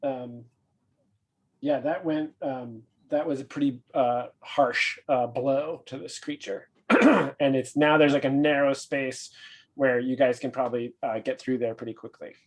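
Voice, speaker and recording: A man's voice: mid-range voice, a little slow. Hesitant man running a tabletop game. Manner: hesitant, many fillers, relaxed narration. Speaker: game master.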